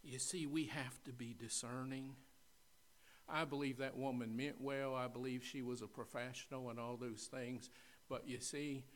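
A middle-aged man with a West Kentucky accent preaching a sermon, dropping to near-whispers in personal stories and rising to loud exhortation. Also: medium pitch. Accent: Western Kentucky. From Western Kentucky. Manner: swings from quiet confessional tones to loud exhortation.

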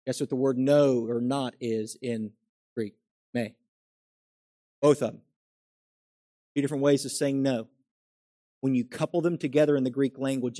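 A man preaching a sermon as pastor, swinging from quiet asides to loud, emphatic exclamations. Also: medium pitch.

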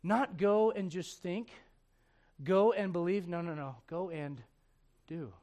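High-voiced preacher swinging quiet to loud. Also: male voice, slow. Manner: humorous, acts out quoted voices. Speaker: pastor. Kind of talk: sermon.

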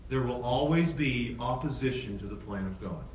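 A man preaching a sermon as pastor, animated, swinging from loud excited peaks to low emphatic lines. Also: moderate pace, slight background noise. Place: church sanctuary. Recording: echoey church hall from far off, faint ambience.

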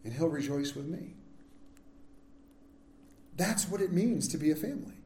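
Male pastor, conversational sermon, mellow tone, roomy sanctuary echo. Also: on the high side, lively intonation, moderate pace, a little hiss or hum. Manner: candid, self-deprecating, conversational. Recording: echoey church sanctuary.

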